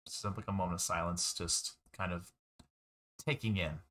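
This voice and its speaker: A man with a lowish voice runs a tabletop game as its game master. His narration is relaxed and wry, with casual fillers. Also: moderate pace.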